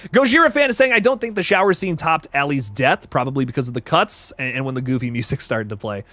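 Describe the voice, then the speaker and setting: A young man hosting a livestream, excitedly chatting about a horror movie and answering viewer comments, swearing freely. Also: medium pitch, fairly quick, dry recording, soft background music. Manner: excitable, profane, reads chat comments aloud. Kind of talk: casual livestream chat.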